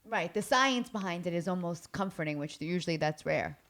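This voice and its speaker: A woman's voice: lowish voice, expressive, brisk, fairly bright tone. A woman in a casual talk show chat, speaking in a thoughtful, hesitant way.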